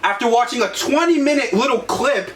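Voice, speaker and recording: A man's voice: extremely high pitch, animated, a little fast, fairly bright tone. Blunt, profane young man in an echoey room. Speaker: podcast co-host. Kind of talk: motivational talk. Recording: echoey room, distant mic, faint noise.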